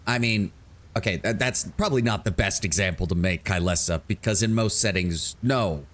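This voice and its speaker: A man's voice: lowish voice, normal speed, a bit bright, slight background noise. A man streaming a fantasy game, casually and wryly chatting with viewers between story readings. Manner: casual, wry, talks to chat.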